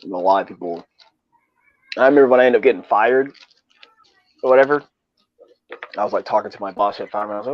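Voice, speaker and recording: A man's voice: fairly low pitch, fast talker, long pauses. A young man casually telling a rambling, profane story in slangy talk. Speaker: podcast co-host. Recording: dull lo-fi dry sound.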